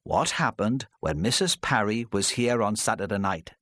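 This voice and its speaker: Brief: male reader doing a steady, probing detective, with lively pitch. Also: no echo, studio quality. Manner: calm, measured questioning. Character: patient, probing male police inspector.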